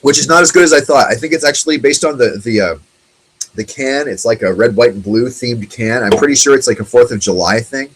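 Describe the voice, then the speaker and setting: A man's voice: medium pitch, fairly quick, background noise. A man in his forties hosting a casual solo talk show, rambling and chatty with lots of fillers. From United States. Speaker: host.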